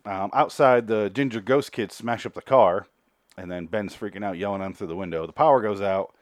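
A man with a lowish voice rambles through a TV episode recap. He is sarcastic and profane, and the sound is dry and close with no room around it. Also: brisk, dry recording. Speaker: TV recap host.

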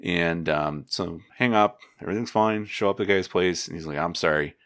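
A man, an agronomist, giving casual advice in a relaxed, rambling way, with many fillers and restarts. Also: sits low, normal speed, no room sound, studio quality.

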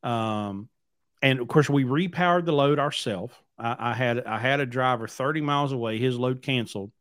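A man's voice: medium pitch, moderate pace, fairly bright tone, no room sound, clean studio sound. Blunt, rambling man telling a story. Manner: rambling, repeats words, blunt and emphatic. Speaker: podcast host and trucking company owner. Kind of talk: casual storytelling.

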